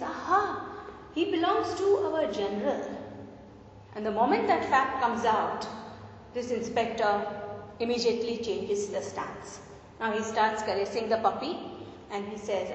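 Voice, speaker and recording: A woman giving a measured spiritual talk and explaining points through stories. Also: a little high, darkish tone, slight background noise. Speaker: speaker on spiritual teachings. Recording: echoey hall, dull lo-fi sound.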